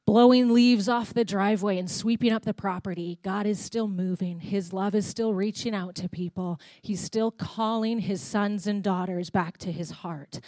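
Speaking with a Canadian accent, a woman gives a church sermon built on chatty storytelling, reenacting conversations as she goes. Her voice has a medium pitch and a darkish tone, and the recording is dry.

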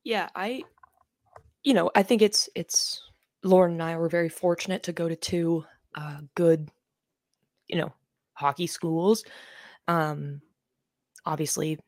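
Low-voiced woman rambling through a podcast. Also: fairly even intonation, a little slow, long pauses, darkish tone, no echo, studio quality. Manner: rambling, lots of "um" fillers, swears casually. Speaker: podcast co-host. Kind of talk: casual chat.

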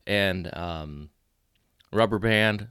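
A man talks casually on a podcast, teasing and laughing as he goes. His voice sits very low and comes through smooth and resonant. The sound is dry and close, with no room around it. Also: drawn-out words, pushed and bright, dry recording. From Pittsburgh area, USA. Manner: joking, chatty, laughs often. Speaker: podcast co-host. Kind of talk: casual chat.

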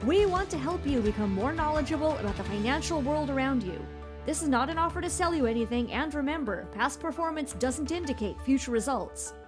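Female announcer, high, even and polished, reading a script over a loud music bed. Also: brisk. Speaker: show announcer. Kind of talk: scripted intro read.

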